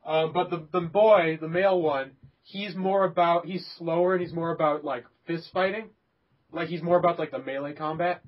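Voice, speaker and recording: A young man hosts a casual gaming podcast with a somewhat high, husky voice. He rambles through his points with fillers, restarts and laughter. The recording is dull and lo-fi. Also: steady tone, normal speed. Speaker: podcast host.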